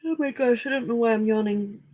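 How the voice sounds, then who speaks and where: A woman's voice: on the high side, a little fast, a little mellow. A woman hosting a casual late-night crafting livestream, chatty and upbeat, greeting viewers by name. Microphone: desk microphone.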